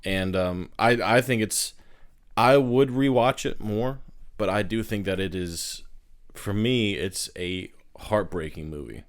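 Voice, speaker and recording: Deep-voiced, laid-back podcast guy. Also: measured pace. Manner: laid-back, hesitant, laughs often. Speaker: podcast co-host. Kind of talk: casual film chat.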